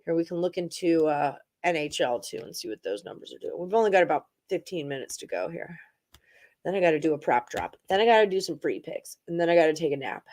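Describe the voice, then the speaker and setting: A woman's voice: sits low, very animated, quick pace, darkish tone. A woman hosting a casual sports betting livestream, rattling off odds and percentages and chatting with viewers. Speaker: sports betting show host. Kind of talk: casual livestream chat about betting picks.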